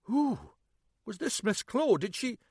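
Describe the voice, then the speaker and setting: A man voicing a gruff, older Scottish detective inspector who talks formally and gives commands. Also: high voice, very animated, slow pace, a little mellow, no echo, clean studio sound, voice pushed up, full character voice. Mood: commanding. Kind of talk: audiobook character voice.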